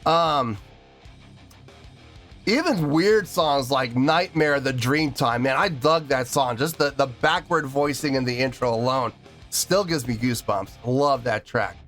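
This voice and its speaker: Speaking unhurriedly in a mid-range voice with a bit of brightness, a man reacts to music on his video. His casual talk is earnest and rambling, full of repetition, and he's choked up with tears.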